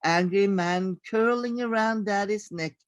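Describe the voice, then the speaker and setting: A woman author reading her picture book aloud in a measured storytelling manner. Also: medium pitch, no echo, studio quality.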